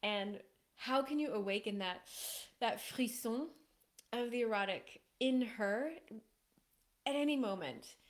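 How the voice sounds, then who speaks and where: A woman speaks as a relationship coach to a live audience. Her delivery is casual and animated, with frequent laughs. Now and then she acts out quoted lines in playful voices. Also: mid-range voice.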